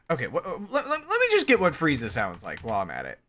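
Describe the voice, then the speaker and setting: A man's voice: medium pitch, huge pitch swings, fast talker, a bit bright. A male streamer chatting casually on a livestream, rambling, interrupting himself and laughing often.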